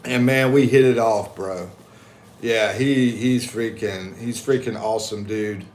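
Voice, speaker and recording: An American man on a casual livestream tells a story in an animated, slangy, jokey way and reads viewer chat aloud. His fairly low voice moves at a measured pace, and the echoey room carries faint ambience plus a little hiss or hum.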